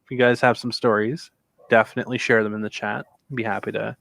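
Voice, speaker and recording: A man's voice: fairly low pitch, flat delivery, fast, creaky, a bit bright. A man hosting a casual panel chat, taking viewer questions and handing off turns.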